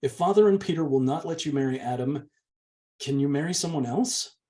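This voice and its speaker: A man reading aloud, voicing a meek and gentle young woman who pleads softly with her older sister. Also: medium pitch, moderate pace, natural voice. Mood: worried. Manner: soft, pleading. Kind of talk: audiobook reading.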